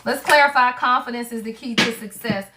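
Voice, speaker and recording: Woman, tarot reader, high voice, livestream reading, emphatic, slangy. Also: fairly quick, background noise. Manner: emphatic and chatty, talks straight to viewers, casual slang and swearing. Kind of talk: spiritual card reading on a livestream.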